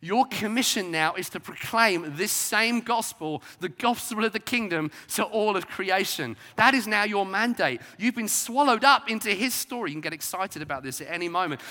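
A man preaching a sermon in a bright, forceful voice that sits a little high. He swings from loud, emphatic declarations down to quiet asides. A long hall reverb trails behind his words. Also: animated, normal speed, hardly any pauses.

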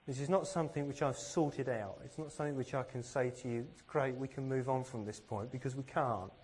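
A man's voice: medium pitch, steady tone, brisk, darkish tone, husky. Earnest man preaching with rhetorical questions. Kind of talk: sermon.

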